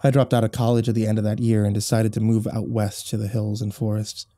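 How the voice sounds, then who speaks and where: A man reading a first-person horror story aloud, measured with dramatic swells. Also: lowish voice, little pitch movement, dark tone.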